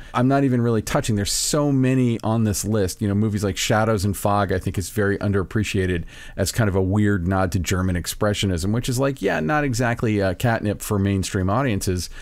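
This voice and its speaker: A man's voice: fairly low pitch, darkish tone, no echo. A man co-hosting a podcast, talking casually and eagerly about films, rattling off titles with a few stammered restarts. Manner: film-buff enthusiasm, lists titles, stammered restarts. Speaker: podcast co-host. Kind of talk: casual chat.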